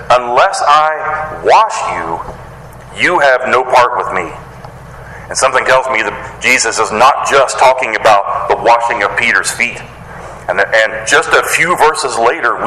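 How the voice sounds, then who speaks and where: A man's voice: mid-range voice, sharp tone. A man preaching a sermon as pastor, earnest and emphatic, building his points through repeated phrases. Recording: echoey hall, faint noise.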